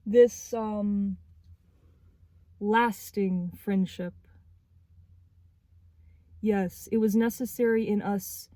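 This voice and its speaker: A young woman in her twenties giving a spiritual tarot reading, speaking earnestly and haltingly as she searches for words. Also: mid-range voice, warm tone, dry recording. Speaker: tarot reader.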